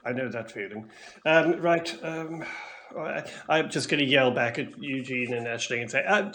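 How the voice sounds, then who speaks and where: A man's voice: mid-range voice, normal speed, sharp tone, slight background noise. A man playing a character in a tabletop game, talking in hesitant, stammering restarts. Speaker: player. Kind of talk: in-character tabletop role-play.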